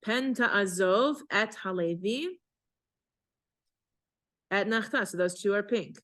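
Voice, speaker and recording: A woman cantor teaching a class on Torah chanting, explaining patiently and then chanting phrases slowly as examples. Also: mid-range voice, a bit bright. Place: synagogue class.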